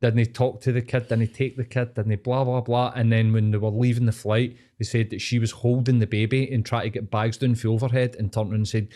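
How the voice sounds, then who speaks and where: A man's voice: mid-range voice, level tone, fast, few pauses, dark tone. A man with a Scottish accent, a podcast host chatting casually, swearing freely and rambling with lots of fillers. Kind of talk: casual chat.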